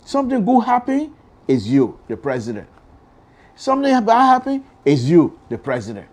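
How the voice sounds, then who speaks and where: A man's voice: high-pitched, wildly swooping pitch, moderate pace, darkish tone. A man with a Liberian English accent hosting a radio call-in show, talking emphatically and often repeating himself. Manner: emphatic, repetitive, exclamatory. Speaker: radio talk show host. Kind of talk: political call-in radio commentary.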